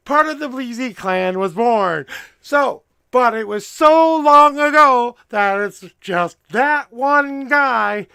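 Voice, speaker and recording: A man hosting a tarot livestream from home, talking in a loud, joking, rambling way. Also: sits high, vocal fry, clean tone, no echo. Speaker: livestream tarot reader host. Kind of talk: casual livestream chat. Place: home room with door.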